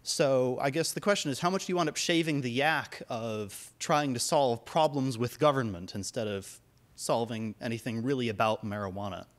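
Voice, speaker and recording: A man's voice: medium pitch, moderate pace. A man from the audience laying out a long, carefully argued question to a panel. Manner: long, reasoned question, soft at first. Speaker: audience member asking a question.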